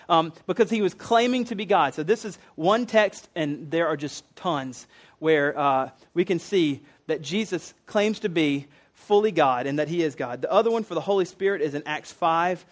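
A man's voice: a little high, expressive, normal speed. A man preaching a conversational sermon, explaining loosely with fillers and restarts. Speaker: pastor teaching a series.

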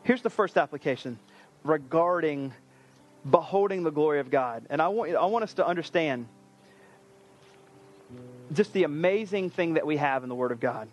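High-voiced man preaching with energy. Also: moderate pace, pauses often, muffled recording, faint music behind. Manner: energetic, conversational, animated preaching. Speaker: pastor. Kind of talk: sermon.

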